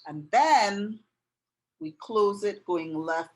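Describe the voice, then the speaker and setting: A woman's voice: medium pitch, big pitch swings, drawn-out words, a little mellow, rough recording. A middle-aged woman giving a patient step-by-step art and writing lesson, often checking in with the viewer. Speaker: art and language tutor.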